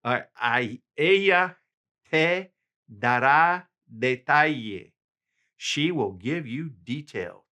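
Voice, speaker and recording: A man teaching a language lesson, reading out examples slowly and carefully and then translating them. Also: medium pitch, animated, sharp tone. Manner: slow, careful enunciation of examples. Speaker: language tutor.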